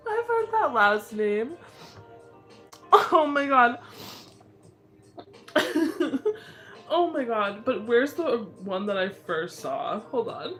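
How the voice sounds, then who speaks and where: A woman's voice: on the high side, fairly bright tone. A young woman hosting a casual livestream, laughing constantly and squealing her reactions. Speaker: livestream host.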